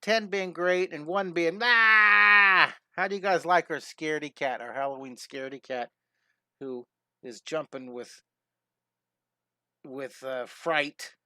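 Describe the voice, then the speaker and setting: A middle-aged man hosting a live-streamed drawing lesson, chatty and enthusiastic, greeting viewers and making quick cat sounds as he draws. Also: fairly high pitch, steady tone, a bit bright, no room sound, studio quality.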